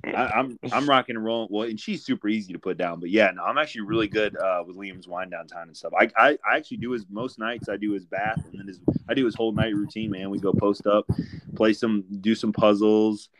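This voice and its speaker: A man's voice: fairly low pitch, fairly even intonation, fairly quick, fairly bright tone. A young man hosting a podcast in a laid-back casual chat, calling people "dude" and "brother" a lot. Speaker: podcast host.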